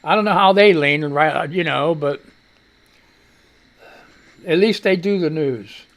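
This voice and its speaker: A man with a slightly high voice hosts a live radio talk show at a measured pace. He's animated and casual, rambling on, reading headlines with his own blunt takes, cursing freely, and talking to his cat.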